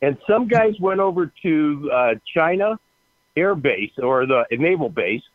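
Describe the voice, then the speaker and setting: A man's voice: a little high, sing-song, measured pace, no echo. A man telling stories in a casual way, laughing and acting out the other voices. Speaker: guest. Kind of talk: casual storytelling. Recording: tinny phone line, dry.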